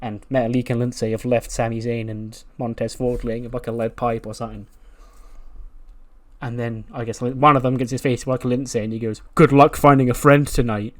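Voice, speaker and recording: A man gives casual let's-play narration of a wrestling sim, his voice at an ordinary middle pitch. He is chatty and self-mocking, recapping events as they happen. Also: flat delivery, normal speed, fairly bright tone. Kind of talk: casual game commentary.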